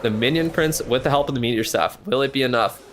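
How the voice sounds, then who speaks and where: A man calling a match live in loose, chatty play-by-play. His voice sits at an ordinary middle pitch, and he jumps on every turn with quick, excited reactions and a casual swear now and then. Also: slight background noise. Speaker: streamer commentating a match.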